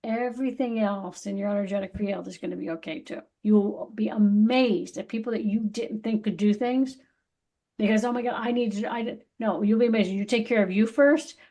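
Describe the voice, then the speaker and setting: A woman's voice: medium pitch, steady tone, a little fast, dark tone. A middle-aged woman co-hosting a podcast, giving a casual, emphatic spiritual pep talk that is full of swearing and acted-out quotes. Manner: emphatic, swears freely, acts out voices of others. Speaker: podcast co-host.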